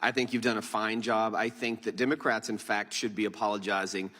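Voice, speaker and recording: A man's voice: fairly low pitch, fairly even intonation, fairly quick, sharp tone. A man on a committee speaking at a formal hearing, insistent and interjecting to the chair. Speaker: committee member. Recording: hearing room with long reverb.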